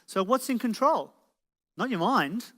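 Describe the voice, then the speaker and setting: A man's voice: sits high, expressive, measured pace, fairly bright tone. A man giving a live motivational presentation, peppering the audience with rhetorical questions. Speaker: motivational speaker. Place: event hall with an audience. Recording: reverberant hall.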